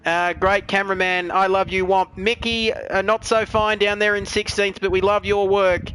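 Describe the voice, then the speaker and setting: Australian man, sim racing commentator, high voice, crisp and bright, worn-out voice, jokey banter. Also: little pitch movement, moderate pace, poor audio. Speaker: lead commentator.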